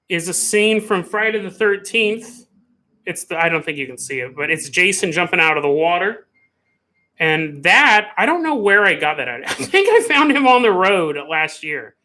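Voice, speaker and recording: A man hosting a casual live stream, rambling and animated, laughing often as he chats. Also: high voice. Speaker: podcast host.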